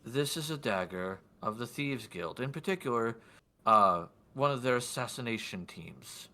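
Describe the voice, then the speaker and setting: A man voicing a composed nobleman in white who questions people in a formal, quiet, probing way. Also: medium pitch, lively intonation, normal speed. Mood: grave.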